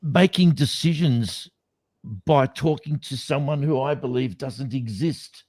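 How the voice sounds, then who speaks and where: A man's voice: mid-range voice, measured pace, a little mellow, no echo. A man co-hosting a podcast, talking skeptically in a casual debate with many restarts. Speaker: podcast co-host.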